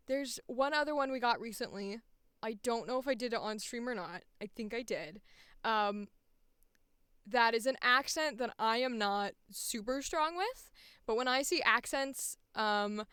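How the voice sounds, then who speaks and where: A woman's voice: on the high side, fairly bright tone, smooth, no room sound, clean studio sound. A young woman, a voice actor, chatting casually and bubbly on a livestream, rambling and laughing often. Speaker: voice actor streamer.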